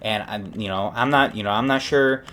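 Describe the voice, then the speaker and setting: A man playing a weary, cold escaped killer who speaks in a flat drawl with rough grammar. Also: medium pitch, fairly quick, slight background noise, natural voice. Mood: bleak.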